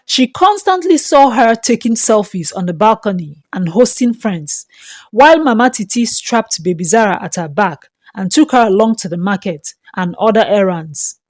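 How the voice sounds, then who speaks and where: A woman, narrating a dramatic folktale in a steady, scripted storytelling manner. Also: mid-range voice, moderate pace, no room sound.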